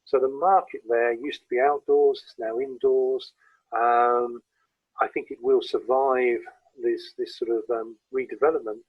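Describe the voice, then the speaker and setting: A man with a southern English accent gives an easygoing photography talk, full of "um"s and restarts. His voice is a little husky and mid-pitched. The video-call audio is dry and somewhat muffled. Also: no echo. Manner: relaxed, anecdotal, with frequent hesitations. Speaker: guest speaker presenting photography. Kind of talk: informal illustrated talk.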